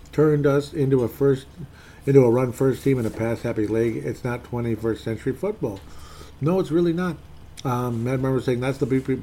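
A sports fan commentator rants alone about his team's game, rambling casually, reading posts aloud, and sounding fed up. His mid-range voice has a dark tone, with a little hiss or hum on the recording.

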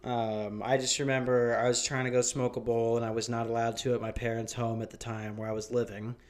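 Young man, from Minnesota, casual podcast chat, rambling, profane, laughs mid-story, mid-pitched voice. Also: flat delivery, fairly quick, darkish tone. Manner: rambling, profane, laughs through his stories.

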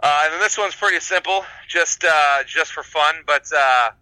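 A man co-hosting a casual chat show, talking in a halting way with lots of fillers and restarts. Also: on the high side, bright, forceful tone, smooth, no echo, low-quality recording. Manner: hesitant, many fillers and restarts. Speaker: podcast co-host.

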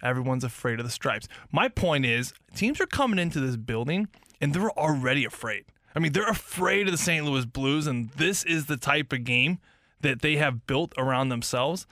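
Excitable guy, former player, chatting hockey, bright forceful voice, dry close mic. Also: a little high, normal speed, no echo. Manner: animated, excitable storyteller. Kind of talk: casual sports talk.

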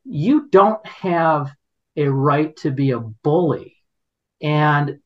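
A middle-aged man appears as a podcast guest, telling a story in a rambling, indignant way and restarting often. His voice is fairly high with lively intonation, and he speaks very slowly. The casual conversational storytelling is captured in dull lo-fi podcast audio.

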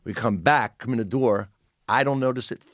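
A man's voice: medium pitch, normal speed, dry recording, clean studio sound. A man in his sixties, a comedian guest on a podcast, telling a long story in casual chat and acting out the lines of people in it. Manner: animated storyteller, acts out quotes.

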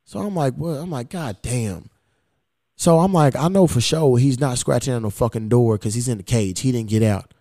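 A man's voice: mid-range voice, brisk, no room sound, clean studio sound. A man hosting a podcast, telling a story in casual chat, swearing a lot and acting out the exchanges he quotes. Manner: profane, animated retelling of quoted exchanges. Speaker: podcast host.

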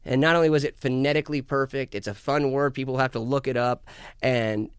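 A man's voice: mid-range voice, fairly even intonation, a little fast, clean tone, dry recording, studio quality. A man guesting on a podcast as a musician, talking in a rambling, profane, casual way with frequent restarts. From United States. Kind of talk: casual chat.

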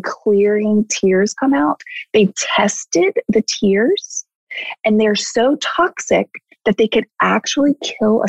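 A woman's voice: medium pitch, creaky, no room sound, poor audio. A woman therapist speaking earnestly and emphatically in casual conversation, repeating heartfelt words. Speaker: therapist guest.

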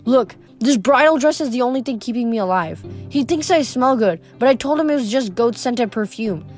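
A woman voicing a frightened young male satyr, high and pleading. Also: expressive, brisk, darkish tone, soft background music, natural voice. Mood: pleading, frantic.

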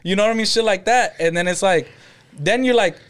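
A man's voice: high-pitched, a little fast, smooth. A man co-hosting a podcast, telling laid-back stories in casual chat. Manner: laid-back storytelling with laughs and agreeing interjections. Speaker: podcast co-host.

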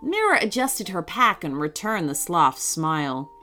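Erzählerin mit lebhafter, langsamer Stimme. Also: female voice, fairly low pitch, faint music behind. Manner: slow, expressive reading. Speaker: storyteller. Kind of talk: children's story reading.

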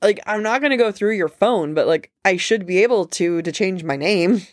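A woman co-hosting a book podcast in casual chat, talking with quick asides and frequent laughter. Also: mid-range voice, animated, no echo, studio quality.

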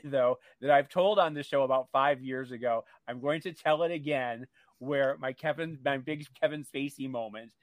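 A man co-hosting a radio talk show, telling gossipy, catty stories in an animated way. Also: mid-range voice, no echo. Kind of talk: casual talk radio chat.

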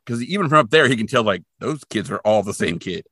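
Male podcast co-host, animated recapper, bright tone, dry close mic. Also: fairly low pitch, fairly quick, husky, dry recording. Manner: animated storytelling with sound effects and playful asides. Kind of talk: casual episode recap chat.

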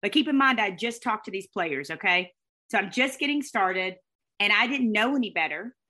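Bright, animated woman. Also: mid-range voice. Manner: fast, expressive, with faith talk and laughter. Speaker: guest, speaker and former sportscaster. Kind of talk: animated storytelling interview.

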